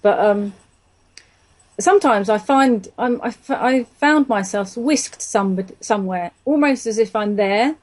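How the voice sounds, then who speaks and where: A woman's voice: mid-range voice, a little slow, darkish tone. A woman, chatting agreeably as a guest in an interview. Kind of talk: conversational interview.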